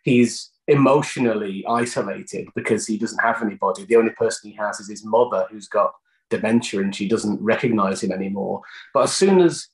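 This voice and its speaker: A man's voice: on the low side, a little fast, echoey room, low-quality recording. A British man, an actor, answering interview questions in a chatty storytelling way, often restarting phrases.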